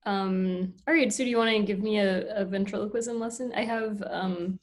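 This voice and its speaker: A woman's voice: medium pitch, normal speed. A woman hosting a podcast, speaking hesitantly with many fillers while learning a skill. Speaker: podcast host.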